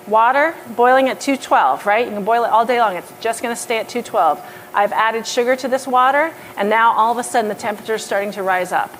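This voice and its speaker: A woman's voice: a little high, slight background noise. Woman chatting through a cooking demonstration. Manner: chatty and explanatory, with fillers. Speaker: pastry chef lecturer. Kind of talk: live cooking demonstration lecture. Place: lecture hall with a live audience.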